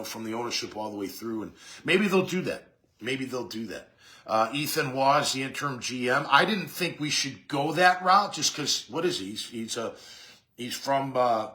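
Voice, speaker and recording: A man's voice: medium pitch, pushed and bright. A man hosting a sports talk show, giving a casual, rambling monologue full of fillers and restarts. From Jacksonville area.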